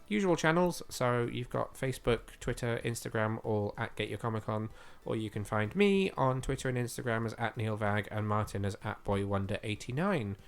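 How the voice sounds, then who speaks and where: Enthusiastic male podcast co-host, medium pitch, voice a little worn, soft music underneath. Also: vocal fry, smooth. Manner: chatty and enthusiastic, with frequent fillers. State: slightly losing his voice. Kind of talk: casual podcast chat.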